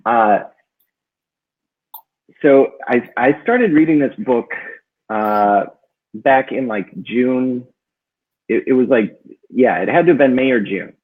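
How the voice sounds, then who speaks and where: Husky man telling a story over a tinny line. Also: medium pitch, takes it slowly, pauses often. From northern Minnesota. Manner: rambling, many fillers, lively when quoting himself. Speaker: book club co-host. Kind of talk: casual storytelling chat. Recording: tinny phone-like audio.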